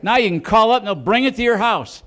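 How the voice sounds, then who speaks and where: Man, stand-up comic, high voice, animated, club stage, handheld mic. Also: quick pace. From Chicago. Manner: animated, acts out cops with loud siren sounds and accents. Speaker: stand-up comedian. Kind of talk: stand-up comedy set.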